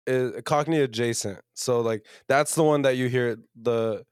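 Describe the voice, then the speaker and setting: A man co-hosting a casual comedy podcast, playful and quick to slip into mock accents. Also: mid-range voice, smooth, dry recording, clean studio sound. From Canada. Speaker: podcast co-host.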